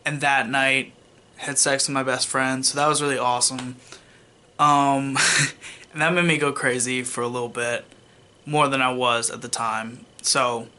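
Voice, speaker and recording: A man's voice: mid-range voice, flat delivery, unhurried, sharp tone. A young man telling a personal story on his vlog in a casual, rambling way, full of fillers and restarts, with wry self-mocking asides. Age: young adult. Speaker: vlogger.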